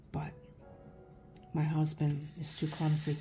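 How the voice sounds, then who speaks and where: Over soft background music, a middle-aged woman speaks in a deep, gravelly, a little mellow voice at an unhurried pace. She's an artist hosting her own channel, wandering through stories in casual conversation while she crafts.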